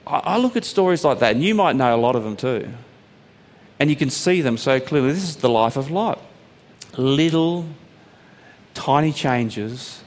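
A man preaching a sermon, telling stories and letting his voice climb high on emphatic points. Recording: long hall reverb.

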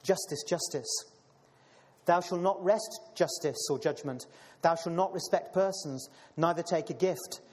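At a moderate pace, a slightly high, darkish voice preaches and reads scripture, frequently addressing brothers and sisters. His sermon is peppered with fillers and repetitions. Long hall reverb colors the recording.

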